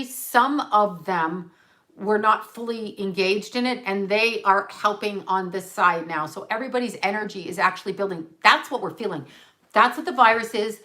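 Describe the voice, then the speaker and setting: A woman's voice: mid-range voice, a bit bright. A woman, a psychic medium, talking on a livestream as she channels, rambling and correcting herself, repeating words for emphasis.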